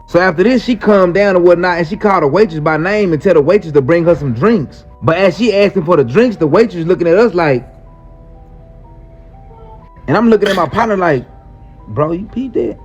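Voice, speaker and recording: A man's voice: high-pitched, a little fast, breathy edge. A man casually telling a wild personal story in slangy speech, acting out the quoted lines. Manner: animated, slangy, acts out quotes. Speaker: storyteller in a clip. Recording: muffled clip with faint music.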